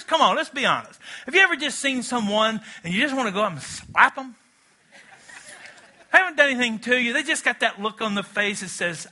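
Bright high-voiced preacher, conversational. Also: male voice. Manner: conversational preaching with audience call-and-response. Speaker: pastor. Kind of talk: sermon. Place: church auditorium.

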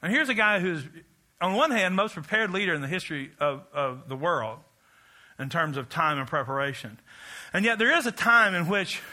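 Pastor guy preaching, bright forceful voice, a bit high, chants with the crowd, cracks jokes. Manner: rousing, rhythmic, leads the congregation in chants; joking asides. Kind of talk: sermon.

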